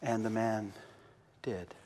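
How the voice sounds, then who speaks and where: A man preaching a sermon and telling a story, impassioned, swinging between loud outbursts and quiet, slow passages. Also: lowish voice, fairly even intonation. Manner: impassioned, big swings in loudness. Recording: long hall reverb.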